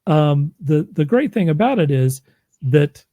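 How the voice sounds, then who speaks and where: A man's voice: a little high, sing-song, unhurried, mellow, no room sound, lo-fi sound. A man who narrates audiobooks, chatting casually in a rambling, self-deprecating way and laughing often. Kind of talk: casual chat.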